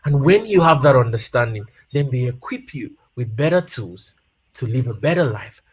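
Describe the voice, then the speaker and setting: Animated man who repeats his points. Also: medium pitch, normal speed, breathy edge. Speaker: guest speaker on family life. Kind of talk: casual advice talk with personal stories.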